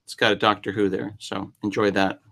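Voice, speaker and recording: A man's voice: fairly low pitch, level tone, a little fast, gravelly, fairly bright tone. Jokey rambling male host. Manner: jokey, rambling, self-deprecating. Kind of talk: casual live-stream chat.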